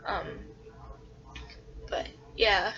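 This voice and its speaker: A woman's voice: very slow, sharp tone. A woman casually telling a story in a hesitant way, full of fillers. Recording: dull lo-fi recording.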